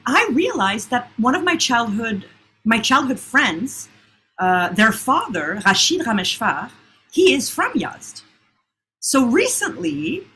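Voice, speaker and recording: A woman presenting a story on a video call, speaking as an enthusiastic, warm storyteller. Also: mid-range voice, slight background noise. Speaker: guest presenter and author.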